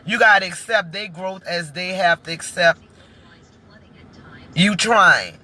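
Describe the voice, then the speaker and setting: A woman hosting her own live-stream talk show, talking heartfelt and preachy straight to her viewers, emotional, with halting restarts. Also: fairly low pitch, pushed and bright.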